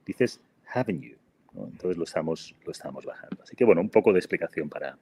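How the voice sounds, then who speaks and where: A man talks through a podcast English lesson, pausing on fillers and tacking little checks onto his sentences. His voice is husky and sits fairly low. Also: animated, dark tone. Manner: hesitant, many fillers and tag "no?". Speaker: co-host and English teacher.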